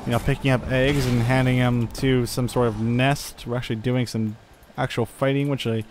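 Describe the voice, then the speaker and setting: A man's voice: medium pitch, little pitch movement, moderate pace, noisy background. A young man giving casual gameplay commentary, thinking aloud with lots of fillers and chuckles. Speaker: gaming channel host.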